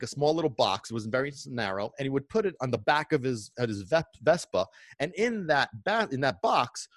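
A middle-aged man casually telling stories from his past in a rambling, animated way, with many restarts. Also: medium pitch, no echo, studio quality. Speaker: vlogger. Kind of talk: casual nostalgic storytelling.

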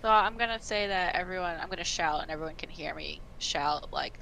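A woman's voice: on the low side, fairly quick, vocal fry, hardly any pauses, sharp tone, a little hiss or hum, rough recording. A woman playing a tabletop game with friends, talking casually, swearing freely and laughing between lines. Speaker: player. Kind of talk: casual tabletop role-play.

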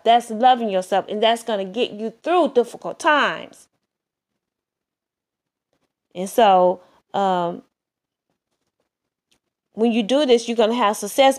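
Woman preacher with a slightly high voice, delivering an earnest, repetitive sermon. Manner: earnest, repetitive exhortation with many restarts.

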